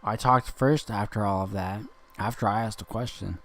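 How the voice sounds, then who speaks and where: A man's voice: fairly low pitch, fairly even intonation, moderate pace, fairly bright tone. A young man talking in a rambling, confrontational monologue, intense and lecturing, circling back over the same points. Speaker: speaker addressing a listener.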